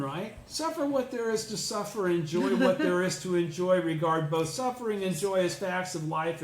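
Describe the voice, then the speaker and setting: A man's voice: high voice, a bit bright. A man leading an informal religious study group, explaining a text, checking in with listeners and swearing casually. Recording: roomy echo.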